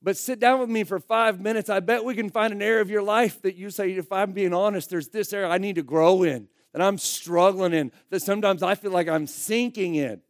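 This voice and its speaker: High-voiced pastor preaching emphatically. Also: male voice, fairly quick, hardly any pauses, no echo, studio quality. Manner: emphatic, conversational preaching with swings from loud to quiet. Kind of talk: sermon.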